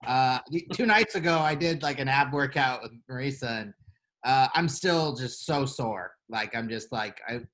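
A man co-hosts a podcast in casual chat, rambling and using lots of filler words. His mid-range voice has lively intonation and a fairly bright tone, at normal speed.

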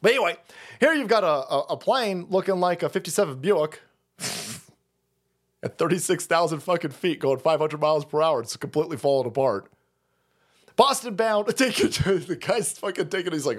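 Animated, high-voiced ranting streamer man. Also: normal speed. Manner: profane, sarcastic, mocking. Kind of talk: livestream rant.

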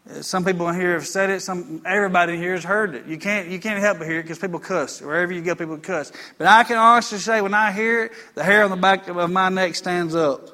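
A man's voice: sits high, fast, hardly any pauses, sharp tone. A man preaching a conversational sermon in church. He speaks in a folksy, repetitive way and tells stories.

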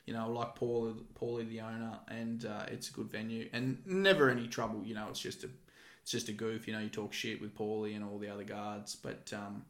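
A man, telling animated stories about his security work in casual podcast chat, swearing freely. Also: fairly low pitch, fairly quick, roomy sound. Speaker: guest, former security guard.

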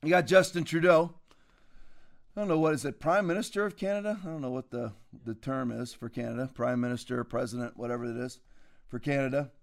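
A man's voice: medium pitch, a little fast, gravelly. A man hosting a commentary show, talking in a combative, mocking and preachy way. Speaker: show host.

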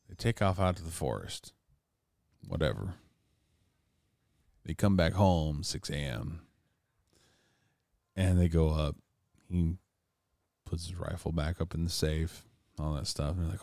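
A man's voice: rumbling low, a little slow, gravelly, pauses often, a little mellow, no room sound, studio quality. A man casually telling an urban legend story, rambling and swearing often, with laughs between lines.

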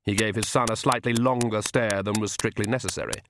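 A man's voice: on the low side, fairly even intonation, fairly quick, noisy background. Man narrating an audiobook. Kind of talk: scripted narration.

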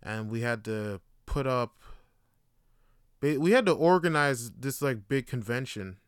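A man's voice: mid-range voice, expressive, a little slow, clear, resonant tone, no room sound, clean studio sound. A young man, hosting a podcast and telling profane, rambling stories with laughter. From Canada. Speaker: podcast host. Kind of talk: casual monologue.

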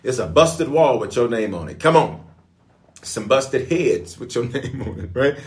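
A man preaching as a pastor, in a lively call-and-response sermon style. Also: medium pitch, a little slow. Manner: call-and-response, animated, playful.

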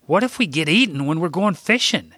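A man voicing a frightened young boy who pleads in a high voice in a storybook reading. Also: lively intonation, brisk, sharp tone, dry recording, clean studio sound. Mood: scared.

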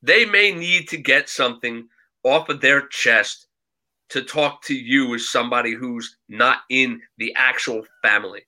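A man with a very bright, tense voice speaks with earnest conviction. He drives his points home by repeating them. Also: medium pitch, a little slow, poor audio. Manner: emphatic, repeats for emphasis. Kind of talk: earnest advice.

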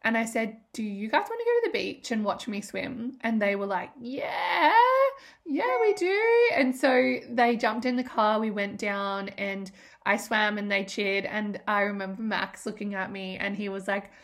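A woman's voice: mid-range voice, moderate pace, fairly bright tone. Female host, 30s, loose unscripted solo podcast talk, emotional and profane. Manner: emotional, rambling, swears freely.

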